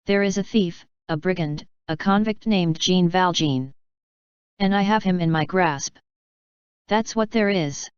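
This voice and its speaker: Brief: woman reader doing a scornful male police inspector, low and crisp, dry and dull-sounding. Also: a little slow, dry recording, close to an everyday voice. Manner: harsh and scornful.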